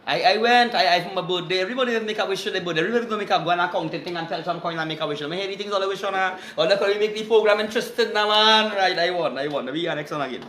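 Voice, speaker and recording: A Trinidadian man hosting a rambling live stream, with loud, excited greetings and shout-outs. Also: sits high, very fast, hardly any pauses, a little hiss or hum. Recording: echoey room.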